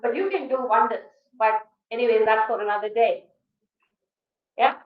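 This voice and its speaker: Speaking at a moderate pace, a woman with an Indian English accent guest-lectures a college class, challenging students with a stream of rhetorical questions. Her voice is high, animated and forceful. The audio is distant and dull, with strong hall reverb.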